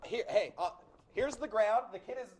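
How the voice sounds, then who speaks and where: A man's voice: high voice, normal speed, a little mellow, breathy edge. A middle-aged man hosting a livestream, telling a convention story animatedly and acting out voices. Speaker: animation show host.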